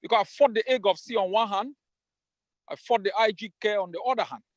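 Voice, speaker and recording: Emphatic high-voiced Cameroonian man. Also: a little fast, dry recording. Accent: Cameroonian English. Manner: emphatic, defiant, repeats phrases for force. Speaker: political leader. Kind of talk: rallying speech on a video call town hall. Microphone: video call.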